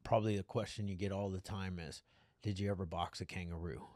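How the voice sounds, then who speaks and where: A man's voice: sits low, steady tone, fast talker, darkish tone, no room sound, studio quality. A man co-hosting a podcast in casual chat, joking and swearing freely. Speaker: podcast co-host.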